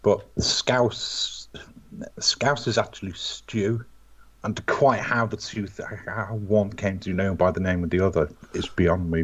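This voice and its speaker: A man's voice: fairly low pitch, a bit bright. Rambling Liverpool man in his fifties. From Liverpool, England. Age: 50s. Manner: rambling, restarts sentences often. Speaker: guest. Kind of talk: casual live-stream chat. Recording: dull lo-fi call audio.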